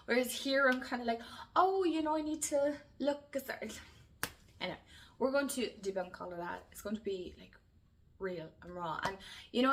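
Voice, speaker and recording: A woman's voice: on the low side, a bit bright. An Irish woman chatting casually to camera as a YouTube creator, effusive and full of fillers, emotional and close to tears. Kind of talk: casual vlog chat to camera.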